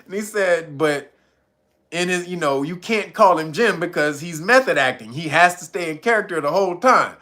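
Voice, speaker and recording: Male streamer, bright edgy tone, chatty storyteller who keeps breaking into laughter. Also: on the high side, animated, normal speed. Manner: laughs often, retells jokes with put-on voices. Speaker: streamer host. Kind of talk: casual storytelling.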